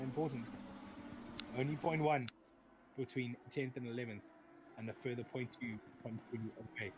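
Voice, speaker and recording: A man calling a sim race live, chatty and self-correcting, with a mid-range voice. Racing car engine noise runs clearly underneath him the whole time. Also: mid-range voice. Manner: rambling, self-correcting, joking.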